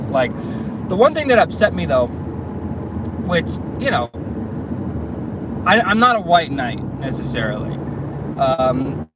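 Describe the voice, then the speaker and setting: A young man talks through a long story from behind the wheel, his voice sitting a bit high for a man. He rambles and restarts, and road and traffic noise hums clearly under everything. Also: sing-song, normal speed. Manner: rambling, casual, many fillers. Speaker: vlogger. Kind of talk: storytelling while driving. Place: car, driving.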